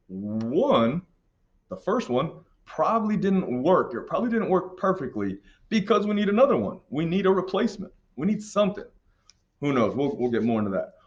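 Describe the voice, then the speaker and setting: A man's voice: medium pitch, muffled recording. A man teaching a history lesson in a casual, joking way, walking students through an assignment. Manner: casual, joking, puts on silly accents for countries. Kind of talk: classroom lesson walkthrough.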